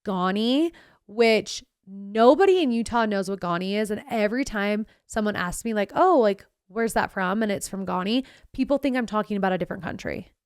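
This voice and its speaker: A woman's voice: mid-range voice, fairly quick, clean tone, no room sound, studio quality. A young woman hosting a podcast, telling a story in a sarcastic, bubbly, chatty way and acting out the people she quotes. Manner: sarcastic, bubbly, quotes herself in animated voices. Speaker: podcast host. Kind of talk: casual storytelling monologue.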